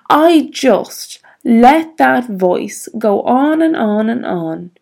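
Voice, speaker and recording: A woman's voice: on the high side, lively intonation, slow, creaky, a little mellow. A woman vlogger telling a personal story in a frank, reflective way, swearing freely.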